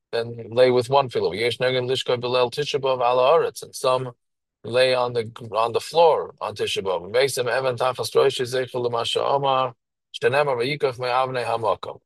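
A man's voice: mid-range voice, no echo, poor audio. Man teaching text, dry close sound. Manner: reads Hebrew phrases then explains in English, with restarts. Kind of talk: reading and translating a Hebrew text line by line.

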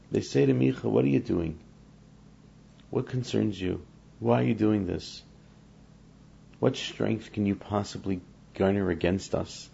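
A man's voice: low voice, vocal fry, mellow, husky, dull audio. A man teaching a scripture lesson, reading Hebrew verses and explaining each one in English while acting out the speakers in the text. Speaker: Torah teacher.

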